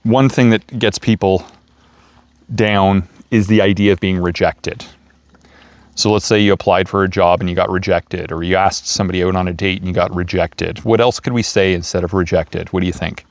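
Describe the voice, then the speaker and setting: A man giving a casual motivational talk, gentle and playful, chuckling as he stresses words. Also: low voice, fairly even intonation, moderate pace, no room sound. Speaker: self-help speaker. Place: outdoors feeding raccoons.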